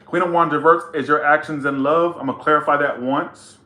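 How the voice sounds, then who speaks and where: A male tarot reader talks straight to his viewers in a casual, teasing way. His bright, sharp voice carries blunt, profane remarks. The sound is roomy and echoing. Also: a little high, fairly even intonation, fairly quick. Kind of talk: casual tarot reading to camera.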